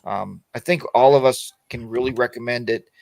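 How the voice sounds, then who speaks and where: A man's voice: mid-range voice, moderate pace, vocal fry, a little mellow, no echo. Joking, rambling man hosting a chat. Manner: rambling, joking, restarts sentences. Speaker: podcast host. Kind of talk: casual chat.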